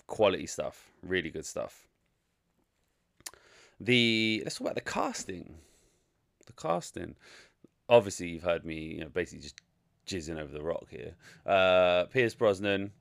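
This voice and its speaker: A man's voice: deep voice, bright, forceful tone, no room sound, clean studio sound. A man giving a casual, frank and rambling spoken movie review, full of opinions. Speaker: film reviewer.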